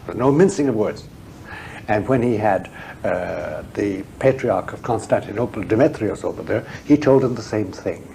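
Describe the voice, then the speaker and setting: A man's voice: on the low side, lively intonation, normal speed, creaky, dark tone, slight background noise, rough recording. A man speaking as an interview guest, a historian and theologian, talking frankly and emphatically, repeating words when he presses a point. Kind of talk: frank, discursive interview talk.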